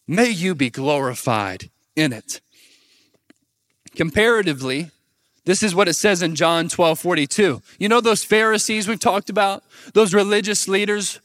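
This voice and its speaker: Young man, high voice, animated preaching, dry close sound. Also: no echo. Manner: animated preaching, asks the crowd to repeat words. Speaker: pastor. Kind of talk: sermon.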